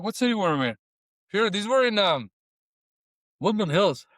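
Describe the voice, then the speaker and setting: A middle-aged food vlogger and comedian sits on camera at a taco restaurant for a casual review, his high, fairly bright voice swinging widely in pitch at a moderate pace. Grieving and close to tears, he rambles and swears, drifting between eating noises and sad confessions. The recording is dry, with clean studio sound.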